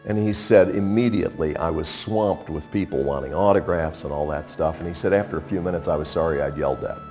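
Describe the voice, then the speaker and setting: A man's voice: a bass voice, fairly quick, over music. An older man preaching a radio sermon, emphatic and playful, firing off rhetorical questions. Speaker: pastor.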